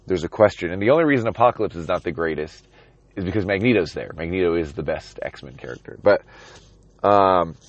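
A man with a very deep voice rambles casually about a comic issue, stopping often to restart his thoughts. The sound is dry and a little dull, with no room around it. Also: animated, fairly quick, no room sound. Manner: rambling, many restarts and ums, reading passages aloud. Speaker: comic book reviewer. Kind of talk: casual comic book commentary.

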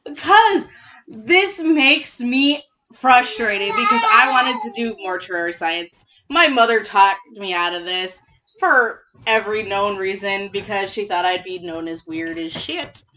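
A woman co-hosting a casual true-crime podcast from her couch at home, chatty and animated. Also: mid-range voice, unhurried, background noise. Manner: chatty, animated, laughs often. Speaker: podcast co-host. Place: home living room, on a couch.

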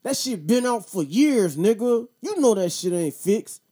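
Man, thirties, casual host, profane slang, mellow tone, higher pitch. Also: unhurried, breathy edge. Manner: profane, animated storytelling, slangy. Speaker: podcast host. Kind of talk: casual storytelling and commentary.

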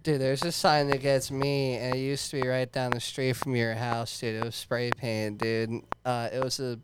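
A man's voice: medium pitch, little pitch movement, normal speed. A man co-hosting a casual podcast, swearing freely and saying "dude" constantly. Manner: profane, says "dude" constantly. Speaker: podcast co-host. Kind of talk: casual chat. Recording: noisy recording.

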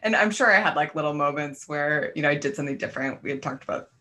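A woman's voice: low voice, animated, fast, bright, forceful tone. A woman in casual conversation, reflecting on her own experience and affirming her friend. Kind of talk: casual chat.

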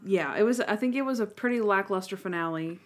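A woman co-hosting a podcast in casual chat, recapping quickly and enthusiastically. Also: medium pitch. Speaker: podcast co-host.

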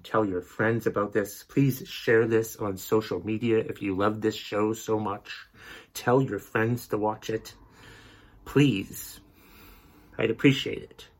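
A man's voice: lowish voice, slightly rough. A male podcast host delivering an exasperated, profanity-heavy rant. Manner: angry, exasperated, heavy swearing.

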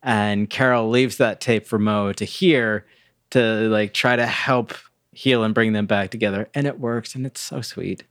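A man co-hosting a podcast, telling movie plot points in a relaxed, chatty way with filler words. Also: on the low side, unhurried, no room sound, clean studio sound. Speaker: podcast co-host. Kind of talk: casual movie review chat.

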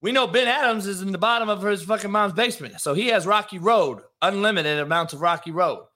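Man, sports talk host, solo rant, profane, combative, fairly high voice, tense and forceful. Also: a little fast. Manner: talks to live chat viewers. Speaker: show host.

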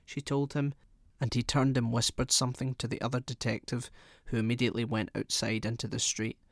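A man reads a short story aloud in a steady, measured storytelling voice. His pitch sits in an ordinary middle range. The recording is close and dry, with no room echo. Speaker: narrator. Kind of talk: audiobook narration.

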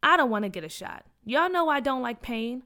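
A woman's voice: high-pitched, expressive, fairly quick, pushed and bright, exaggerated voice. Woman voicing Peach, a grumbly schoolgirl.

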